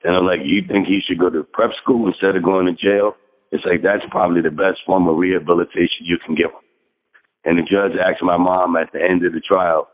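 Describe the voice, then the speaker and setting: A hoarse man with a very low voice tells a personal story with earnest conviction, pausing to clear his throat. His voice comes over a tinny phone line. The line carries a long, hollow reverb. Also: fairly even intonation. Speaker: caller. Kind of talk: casual sharing on a group call.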